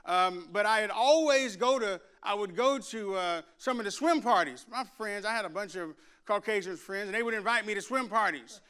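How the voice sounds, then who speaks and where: A man preaching to a church congregation, praying and then telling stories with acted-out voices, building to loud shouts. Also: sits high, moderate pace, few pauses, clean tone. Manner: animated storyteller, acts out voices, builds to shouts. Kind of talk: sermon with prayer and storytelling. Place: church sanctuary.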